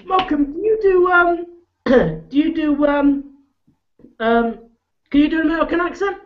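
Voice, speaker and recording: High, giggly English woman. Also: animated, measured pace. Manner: giggly, asking questions. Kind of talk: casual chat. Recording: dull lo-fi recording.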